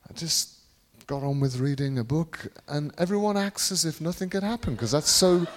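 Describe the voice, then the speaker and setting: A British man preaching a charismatic sermon, rambling and repeating phrases, dropping to low musing then breaking into sudden shouts. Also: moderate pace. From Britain.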